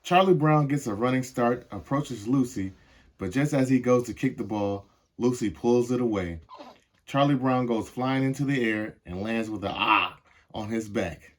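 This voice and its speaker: A young man reading a storybook aloud to children. His voice sits at an ordinary middle pitch, and he reads in a measured, expressive way with deliberate pauses. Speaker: storybook reader.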